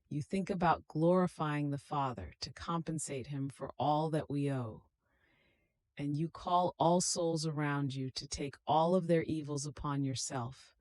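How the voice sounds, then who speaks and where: A woman reading a devotional meditation aloud in a slow, solemn, prayerful manner. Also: sits low, dry recording. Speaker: devotional reader.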